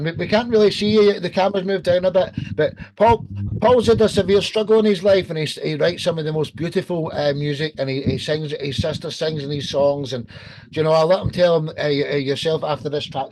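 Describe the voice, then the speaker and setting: A male host runs a live online music show, lavishing praise on guests and calling them brother. His voice is slightly high. A faint hiss and occasional clicks sit under the video-call audio. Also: a little fast, a little mellow, low-quality recording. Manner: effusive, addresses guests as brother. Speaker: podcast host.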